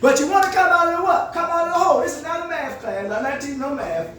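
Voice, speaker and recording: High-voiced man preaching to a group, echoey. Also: animated, quick pace, pushed and bright, a little hiss or hum. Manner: asks leading questions for the group to finish; emphatic, often raises voice. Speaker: counselor leading a group session. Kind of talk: motivational call-and-response teaching. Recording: echoey room, far from the mic.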